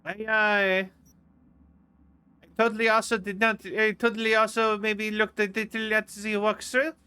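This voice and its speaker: A man's voice: high voice, level tone, normal speed, pushed and bright, clear, resonant tone. A young man streaming a game, chatting casually in a rambling, playful way that keeps stopping and restarting. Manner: rambling, self-interrupting, playful. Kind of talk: casual gameplay commentary.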